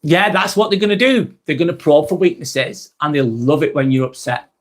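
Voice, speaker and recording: A man's voice: on the high side, normal speed. A man hosting a live vlog, talking bluntly and expressively, swearing freely and reading out chat comments.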